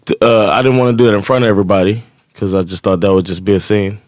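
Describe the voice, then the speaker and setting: A man with a fairly low voice tells a personal story on a podcast, casual and animated. He slips into the voices of the people in his story as he goes. The sound is dry and close, with no room around it. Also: very fast, dry recording. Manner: animated storytelling, acts out quoted dialogue. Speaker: podcast co-host. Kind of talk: casual chat.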